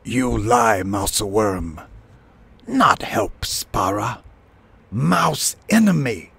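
A man's voice: medium pitch, sing-song, extremely slow, husky, pitched above the performer's own voice, full character voice. A man voicing a savage, fierce male sparrow king who barks broken commands. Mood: furious.

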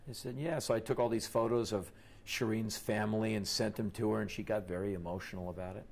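A middle-aged man from the United States telling stories in an interview in an animated way, quoting the people he met. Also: on the low side, fast, creaky. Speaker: interview guest.

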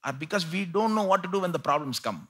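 A male pastor preaching a live church sermon, swinging between loud pleading and quiet asides. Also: high-pitched, animated, fast talker, slightly rough. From India.

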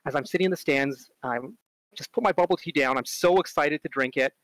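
A man giving a casual conference talk, chatty, full of fillers, and animated when he tells stories. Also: fairly high pitch, a little fast, no echo, rough recording. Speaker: conference speaker on robotics strategy.

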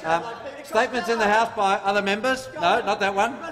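Australian minister, high-pitched for a man, jabbing at the other side, long echo of the chamber. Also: brisk, crowd noise. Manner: combative, mocking, reads rules aloud. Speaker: government minister in parliament. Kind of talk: parliamentary debate speech. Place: parliament chamber. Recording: reverberant parliament chamber.

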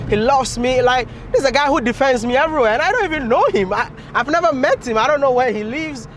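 Excitable young Ghanaian man vlogging. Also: extremely high pitch, fast, a little hiss or hum. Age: young adult. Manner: animated, laughs often, jokes and teases. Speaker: travel vlogger. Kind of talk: excited casual vlog talk to camera. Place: outdoors on a busy city street with traffic.

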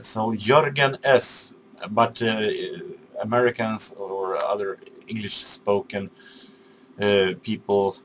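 Low-voiced man, halting speech. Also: little pitch movement, slight background noise. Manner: halting, many fillers and restarts; polite and apologetic. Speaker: YouTube channel owner. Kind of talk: casual video message.

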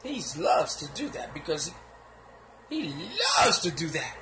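A man giving casual, animated gossip commentary in slangy talk, laughing and acting out what others said. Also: fairly high pitch, a little slow, background noise. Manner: sound effects and repeated filler phrases.

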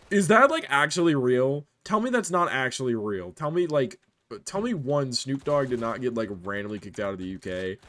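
Lively, jokey young streamer man. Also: medium pitch, moderate pace, no room sound. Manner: animated, jokey, reads chat aloud, often laughs. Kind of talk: casual live-stream chatter while gaming.

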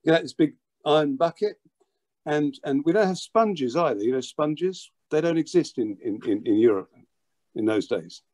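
An older man with a somewhat high-pitched voice recalls a story from his past. He talks animatedly, stumbles and repeats words as he acts out scenes, and often throws in "you know.". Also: animated, moderate pace, a little mellow. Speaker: interview guest, drummer. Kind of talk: anecdotal storytelling.

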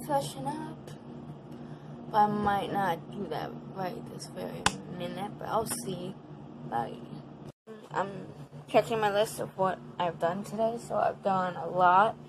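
A woman's voice: mid-range voice, heavy background noise. A woman talking casually in a home vlog, counting her exercises aloud and chatting to her dogs. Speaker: vlogger.

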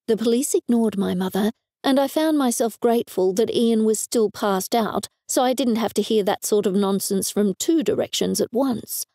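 Gravelly, mellow woman audiobook narrator. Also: mid-range voice, moderate pace, no room sound, clean studio sound. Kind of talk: first-person audiobook narration.

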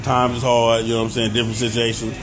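A man with a Southern US accent in quick, emphatic banter while visiting friends. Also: mid-range voice, completely flat delivery, a crowd in the background. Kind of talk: casual chat.

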